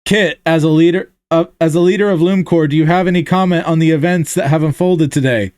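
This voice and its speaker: A man's voice: fairly high pitch, steady tone, a little fast, darkish tone, clean tone, no room sound, close to an everyday voice. A man voicing a pushy female news reporter who presses with insistent questions. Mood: pressing.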